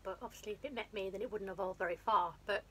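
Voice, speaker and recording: A woman's voice: medium pitch, fairly even intonation, fast, bright, forceful tone. Woman vlogger with a runny nose, chatty and meandering, recorded at home with faint background noise. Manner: rambling, self-deprecating, with restarts. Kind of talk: casual film recap.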